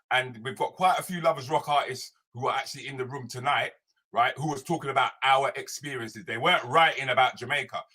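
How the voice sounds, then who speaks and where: A British man, a comedian and social commentator, hosts a live show streamed online from home, delivering an animated solo rant. He repeats his points and keeps asking "yeah?" and "right?" His mid-range voice is bright with a forceful tone.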